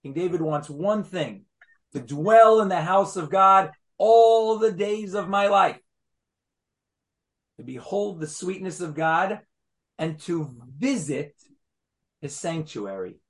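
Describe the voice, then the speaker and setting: A man with a notably high voice teaches a lively Torah class. He speaks emphatically and keeps throwing rhetorical questions at his listeners. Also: slow pace, long pauses.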